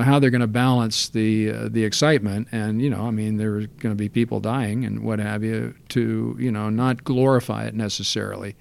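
A man recalling past film work in relaxed, rambling storytelling, full of fillers and restarts. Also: on the low side, creaky, clear, resonant tone, no echo. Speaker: interview guest.

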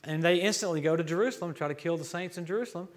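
A man preaching a sermon as a guest speaker, telling stories in an animated, joking way that swings from loud to hushed. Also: on the high side, rapid-fire. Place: church.

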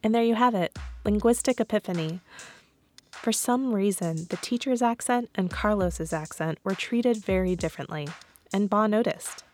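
A woman hosting a podcast, giving scripted narration in a clear, guiding tone. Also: medium pitch, moderate pace, darkish tone, soft background music. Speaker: podcast host.

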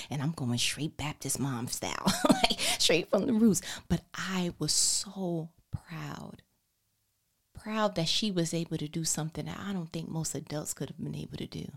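Animated woman telling a story, slipping into whispers. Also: deep voice, normal speed, gravelly. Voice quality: drops into whispers often. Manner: animated, expressive, talks directly to listeners. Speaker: mother telling a story about her daughter. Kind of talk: casual storytelling to camera.

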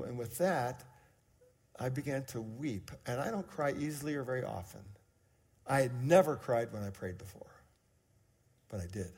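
A man in his sixties preaching a sermon, telling a personal story as he moves between quiet, hushed moments and emphatic, raised passages. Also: mid-range voice, normal speed, long pauses, husky. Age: 60s. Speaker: pastor.

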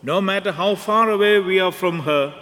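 A man preaching a sermon, telling stories in an unhurried way and inviting the congregation to join in. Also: high voice, pushed and bright. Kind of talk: sermon with storytelling. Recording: long reverb of a large hall.

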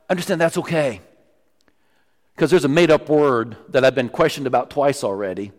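A man preaching a sermon as pastor, emphatic, often dropping to low, quiet lines for stress. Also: normal speed. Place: church sanctuary. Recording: long church reverb.

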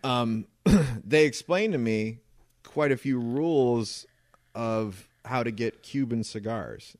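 A man's voice: medium pitch, slow, darkish tone, dry recording. A man in his thirties co-hosting a podcast, telling a rambling story in casual chat with plenty of swearing. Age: 30s. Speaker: podcast co-host.

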